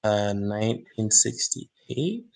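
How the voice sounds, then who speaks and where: A man's voice: on the low side, very animated, takes it slowly, gravelly. A young adult man in a casual, playful solo chat, reading astrology charts and talking to his cat. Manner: playful, chatty, talks to his cat between tasks.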